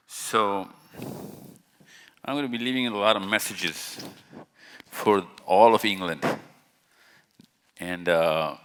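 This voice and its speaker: A man's voice: sits low, a bit bright. A man giving a casual, chatty talk to a live audience from a stage, joking and questioning people in the crowd directly. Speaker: speaker at a live event. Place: large hall with stage lights. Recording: long hall reverb.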